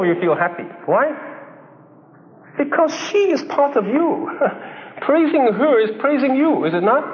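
A man preaching a sermon in a conversational way, acting out little dialogues and chuckling as he goes. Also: very high voice. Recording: dull echoey hall recording with faint hiss.

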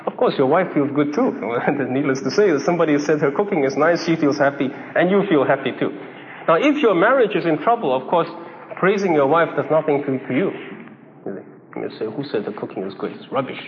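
A man's voice: fairly high pitch, expressive, a little fast. A man preaching a sermon in a conversational way, acting out little dialogues and chuckling as he goes. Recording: dull echoey hall recording with faint hiss.

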